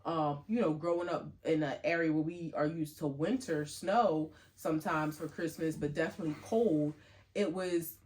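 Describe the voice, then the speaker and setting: A middle-aged woman co-hosting a podcast, chatting casually and acting out quoted lines in a lifted voice. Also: normal speed. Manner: animated storyteller, acts out quotes in a higher voice. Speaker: podcast co-host. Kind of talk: casual chat.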